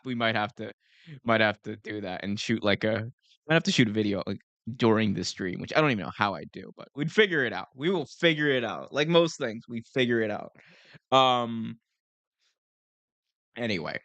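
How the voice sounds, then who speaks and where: A young man hosts a live stream, talking with energy and rambling as he goes. He keeps correcting himself mid-sentence. His voice is smooth and clear at a middle pitch, and the sound is dry and close. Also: fairly bright tone, no echo. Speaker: host.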